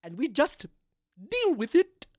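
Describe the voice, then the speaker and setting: A man voicing a prim female town mayor in a tabletop game, with crisp consonants and an odd put-on accent. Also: extremely high pitch, very animated, takes it slowly, no room sound, studio quality, pitched above the performer's own voice, exaggerated voice. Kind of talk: tabletop game role-play.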